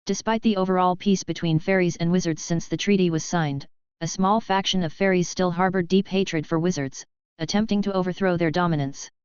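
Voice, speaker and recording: A woman narrates a fantasy audiobook in an even, steady way. Her voice is smooth and a little low. The recording is dry and dull, with a lo-fi edge. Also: fairly quick, dry recording. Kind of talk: scripted narration.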